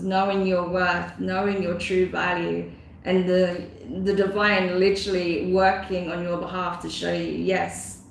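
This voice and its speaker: A woman's voice: fairly low pitch, vocal fry. Effusive woman tarot reader, very echoey room. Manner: effusive, emotional, chatty with many fillers. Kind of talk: casual tarot reading. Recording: very echoey room with faint noise.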